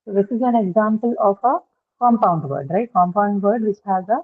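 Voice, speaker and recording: A woman's voice: medium pitch, normal speed. A woman teaching an online phonetics lesson, asking frequent check questions and using many fillers. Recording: tinny phone-like call audio.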